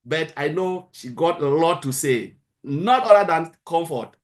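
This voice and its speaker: A man hosting a panel invites the next speaker in a friendly way. His voice is high for a man and comes across loud and somewhat distant. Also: lively intonation, unhurried. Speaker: panel host.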